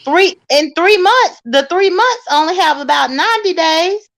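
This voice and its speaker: Brief: woman guest on a stream, high voice, teasing and slangy. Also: lively intonation, unhurried, a bit bright. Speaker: guest caller. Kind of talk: casual live-stream chat.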